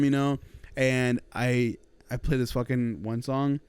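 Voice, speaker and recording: A young man co-hosting a podcast, telling a story in casual chat, animated and swearing, laughing often. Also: medium pitch, normal speed, smooth, no room sound. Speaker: podcast co-host.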